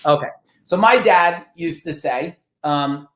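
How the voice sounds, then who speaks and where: New guy, middle-aged, swears a lot telling stories, kinda high voice, roomy echo. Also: measured pace. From New Jersey. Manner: animated, profane, acts out quoted voices. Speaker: podcast guest, business coach. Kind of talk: casual interview storytelling.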